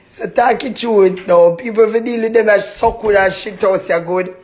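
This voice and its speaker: A woman's voice: mid-range voice, normal speed. Cursing Jamaican woman in a heated row. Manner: loud cursing patois, taunting with bursts of laughter. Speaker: tenant in a dispute. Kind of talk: heated real-life argument.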